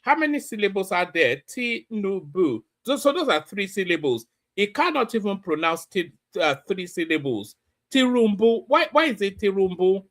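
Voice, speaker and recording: A man's voice: sits high, big pitch swings, moderate pace, hardly any pauses, fairly bright tone. A middle-aged man hosting a reaction commentary, incredulous and stumbling over repeated words. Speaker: commentary host.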